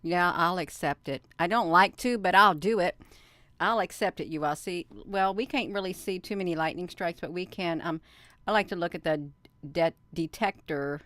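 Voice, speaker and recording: Middle-aged woman host, casual live-stream chatter, smooth voice, close and dry. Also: fairly low pitch, normal speed, a bit bright, no echo. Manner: chatty, laughs often, many ums and filler; says "you all" instead of "y'all". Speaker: channel host.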